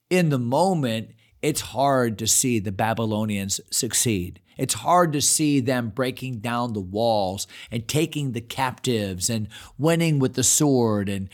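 Male pastor, mid-range voice, earnest expository preaching with lively paraphrase. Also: medium pitch. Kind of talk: expository sermon. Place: church.

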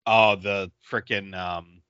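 A man co-hosting a casual podcast, telling stories in an animated way with frequent giggles. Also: on the low side, slow, smooth, no echo. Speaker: podcast co-host. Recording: dull lo-fi podcast mic.

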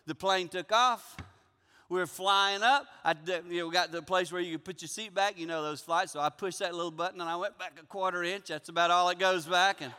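Guy preaching, bright clear voice, jokey storyteller, echoey church hall. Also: high-pitched, fairly quick. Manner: animated, jokey, acting out dialogue. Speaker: guest pastor. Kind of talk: storytelling sermon.

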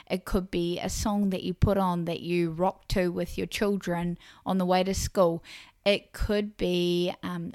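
A woman's voice: fairly low pitch, a little mellow, no echo. A woman hosting a faith-based parenting podcast, speaking earnestly and encouragingly straight to listening mothers. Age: adult parent of a young child. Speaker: Christian parenting podcast host.

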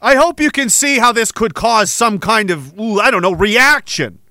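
High, bright-voiced man ranting angrily. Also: animated, normal speed, no echo, clean studio sound. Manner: angry, sarcastic, profane. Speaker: podcast host. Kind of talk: ranting monologue.

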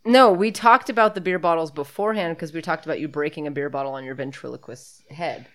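A woman's voice: low-pitched, fast talker, fairly bright tone. A woman co-hosting a podcast, chatting casually and laughing as she talks through a movie. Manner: chatty, laughs often, profane. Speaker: podcast co-host. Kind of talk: casual movie commentary chat.

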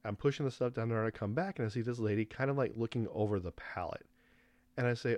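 A man hosting a podcast alone, telling a rambling story in a casual, animated way and acting out the dialogue. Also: medium pitch, fast talker, dry recording. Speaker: podcast host.

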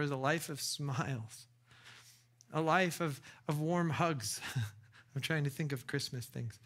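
A man's voice: fairly high pitch, a bit bright. A man preaching a casual, chatty sermon with enthusiasm, often restarting his sentences and laughing. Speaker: pastor.

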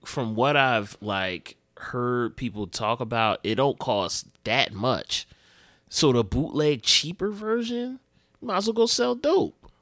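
A man's voice: mid-range voice, lively intonation, takes it slowly, fairly bright tone, dry recording, studio quality. A man co-hosting a podcast, rambling through stories in loose, profane street slang. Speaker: podcast co-host. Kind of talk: casual podcast chat.

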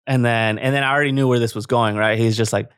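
A man's voice: medium pitch, fast, smooth, no echo, clean studio sound. Profane man ranting about a phone. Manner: profane, animated, laughs often. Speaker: podcast co-host. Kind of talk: casual ranting storytelling.

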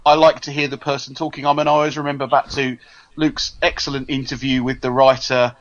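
A man's voice: mid-range voice, level tone, brisk, a bit bright. A man co-hosting a casual podcast chat, talking freely and often stumbling over the start of a sentence. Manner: chatty, stumbles over his openings. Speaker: podcast co-host. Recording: dull lo-fi sound.

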